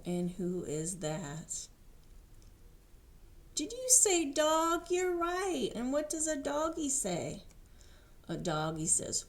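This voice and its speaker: A woman's voice: on the high side, very animated, measured pace. Librarian lady reading to little kids, sing-songy, does the animal noises, bit of faint hiss behind. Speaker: children's librarian. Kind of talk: storytime reading to small children.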